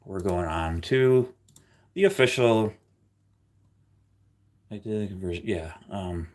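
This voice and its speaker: A man's voice: deep voice, slow. Guy on a livestream, joking around, voice bouncing all over the place. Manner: joking, teasing, animated, often slips into loud playful bursts. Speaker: livestream host. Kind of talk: casual live stream chat.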